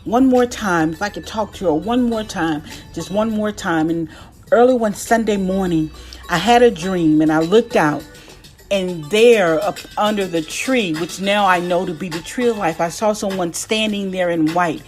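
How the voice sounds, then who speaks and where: Brief: middle-aged woman, spiritual testimony, slow and emotional, repeats her lines, soft music behind. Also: medium pitch. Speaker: inspirational speaker.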